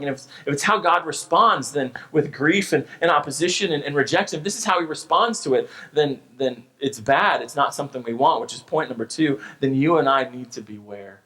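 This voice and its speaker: A man's voice: medium pitch, a bit bright, poor audio. Earnest American man preaching a sermon. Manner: earnest, emphatic preaching with repeated restarts. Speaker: pastor. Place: church sanctuary.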